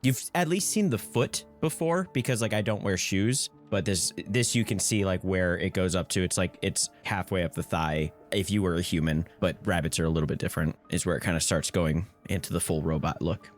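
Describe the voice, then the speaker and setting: A man's voice: low voice, fairly quick, few pauses, soft background music. A man playing a tabletop role-playing game, chatting casually and playfully in and out of character. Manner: playful, laughs often.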